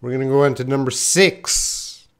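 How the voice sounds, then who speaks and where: A man's voice: medium pitch, moderate pace. A man teaching a live online English lesson, trying tongue twisters, joking with viewers and laughing at his own mistakes. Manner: chats with viewers reading their comments.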